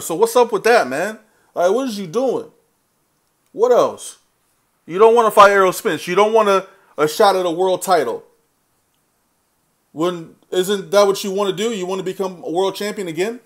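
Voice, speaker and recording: A man with a slightly raised pitch delivers a heated boxing rant in loose speech. He is blunt and opinionated, swearing freely and addressing fighters directly as if they were listening. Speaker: boxing commentary vlogger.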